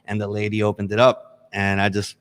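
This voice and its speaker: A man telling a personal story in casual chat, animated and acting out the people he quotes. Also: on the low side, brisk, in a large hall. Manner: animated, acts out quoted people in raised voices.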